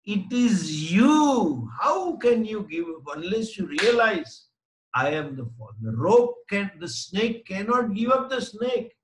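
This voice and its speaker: Swami teaching in a roomy hall. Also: male voice, high-pitched, very animated, slow. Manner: explains by repeating and rephrasing, with homely anecdotes and short laughs. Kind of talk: Vedanta lecture to a class.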